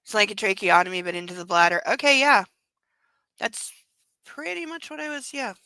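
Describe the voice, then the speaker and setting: A woman reading a novel aloud with sarcastic, irreverent commentary, sometimes dropping to a hush. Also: medium pitch, lively intonation, normal speed, dry recording, rough recording. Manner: wry and irreverent, drops to a hushed whisper for some narration. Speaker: book club podcast host.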